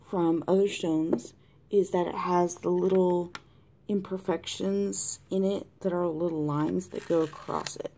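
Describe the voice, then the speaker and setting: A woman talking through a colored-pencil tutorial in a chatty way, thinking aloud and often dropping to a soft whisper. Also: on the low side, unhurried, creaky. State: has the hiccups. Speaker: art tutorial host. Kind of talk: casual drawing tutorial narration. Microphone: camera mic close to the desk.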